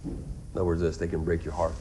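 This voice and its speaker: A man's voice: low-pitched, monotone, fast talker, mellow, slight background noise. A middle-aged man preaching a sermon as a pastor, conversational and earnest, often repeating words and rising for emphasis.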